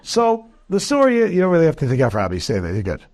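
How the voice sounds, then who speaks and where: Animated rabbi telling a story. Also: male voice, a little high, fast talker, some chatter behind. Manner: acts out characters in the story, jokes with the audience. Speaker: rabbi giving a Torah class.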